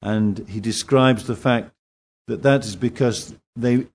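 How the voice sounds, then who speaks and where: A man preaching a sermon at a church in Singapore, slow and emphatic. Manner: slow, emphatic preaching with lively pitch swings.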